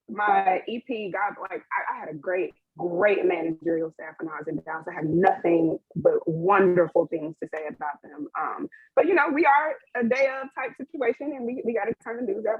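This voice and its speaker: A young woman speaks candidly on a webinar panel, her voice husky and breathy. The sound is dry and narrow like a phone line, recorded over a video call. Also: mid-range voice, no room sound. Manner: open and emotional, with frequent laughs and fillers.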